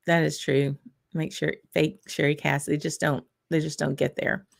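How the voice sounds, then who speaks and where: Southern woman host, low and gravelly, unhurried live-stream chatter with small laughs. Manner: unhurried, thinking aloud, frequent small laughs. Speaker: whisky channel host. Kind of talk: casual live-stream tasting chat.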